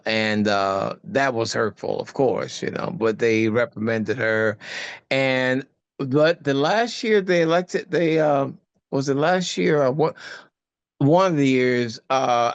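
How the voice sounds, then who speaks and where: An older man, a guest actor, chatting in an interview and telling stories animatedly, with many halting restarts. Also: no echo. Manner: animated storyteller, voice jumping high for quoted asides. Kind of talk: casual interview chat.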